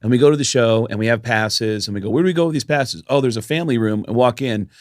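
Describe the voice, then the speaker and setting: A man's voice: mid-range voice, quick pace, no room sound, clean studio sound. A middle-aged man co-hosting a podcast, telling a long story in casual chat, acting out the voices of the people he quotes and swearing now and then. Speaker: podcast co-host.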